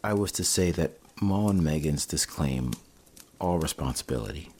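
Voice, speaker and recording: A man voicing a formal company messenger in a storybook reading, quiet and measured. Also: very deep voice, expressive, a little hiss or hum. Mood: solemn.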